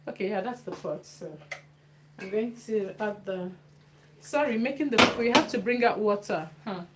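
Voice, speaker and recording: A woman's voice: medium pitch, normal speed. A woman chatting through a cooking demonstration in her home kitchen, repeating phrases as she works. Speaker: cooking vlogger. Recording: noisy kitchen with clicks.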